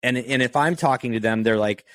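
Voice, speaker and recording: Upbeat male podcast host, mid pitch, dry close mic. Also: brisk, a bit bright, no echo. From Oregon. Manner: upbeat, eager, laughs easily. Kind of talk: casual interview chat.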